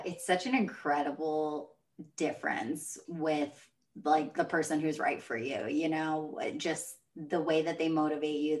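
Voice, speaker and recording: Brief: woman host, thoughtful and unhurried, notably low pitch. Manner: reflective, thoughtful, measured. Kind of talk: casual chat.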